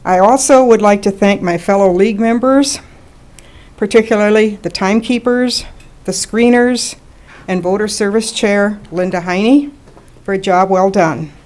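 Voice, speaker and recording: A woman moderating a local candidate forum, reading formal thanks and reminders in a measured way. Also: medium pitch, a little mellow. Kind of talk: formal closing remarks. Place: public meeting hall.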